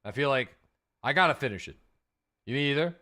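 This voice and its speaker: Male gaming streamer, mid-range voice, relaxed live-chat delivery with fillers. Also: mid-range voice, a little fast. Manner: relaxed and chatty, with frequent fillers and asides to chat; thanks subscribers by name with warm enthusiasm. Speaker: livestreaming gamer and host.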